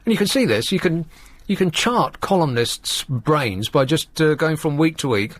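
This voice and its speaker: A man's voice: fairly high pitch, animated, normal speed, a bit bright. A man hosting a radio talk show, rambling and sardonic as he chats opinionatedly into a studio microphone. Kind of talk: casual radio chat.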